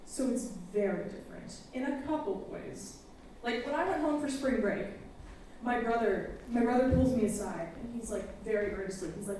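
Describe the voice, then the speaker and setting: A young woman from Texas with a fairly high voice does candid stand-up full of fillers. She is picked up from a distance in a very echoey theater, with a faint hiss underneath. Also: brisk, dark tone. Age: young adult. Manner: candid, self-deprecating, frequent fillers. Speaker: student stand-up comedian. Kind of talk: stand-up comedy set. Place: campus theater stage with live audience.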